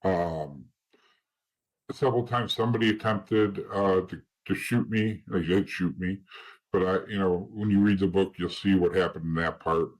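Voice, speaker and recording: Male interview guest, husky voice, blunt and profane storyteller. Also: low voice, moderate pace, poor audio. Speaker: interview guest, former informant.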